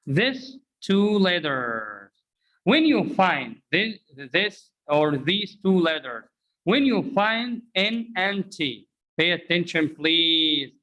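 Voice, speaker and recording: A man's voice: high voice, big pitch swings, slow, pushed and bright, rough recording. A man teaching English pronunciation, drilling phrases and asking learners to repeat after him, mixing in Arabic explanations. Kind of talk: interactive language lesson.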